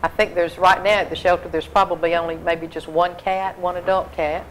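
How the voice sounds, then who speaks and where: A woman speaks as a guest on a local TV show, explaining things earnestly and steadily. She uses lots of fillers as she goes. Her voice is somewhat low, with faint hiss behind it. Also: flat delivery, fairly quick, rough recording. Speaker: humane society volunteer guest. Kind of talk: casual interview.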